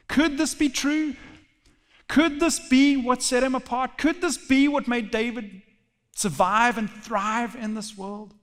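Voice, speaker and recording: A male pastor preaching a sermon in a church sanctuary, animated and repeating phrases for emphasis. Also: very high voice, unhurried. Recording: long church hall reverb.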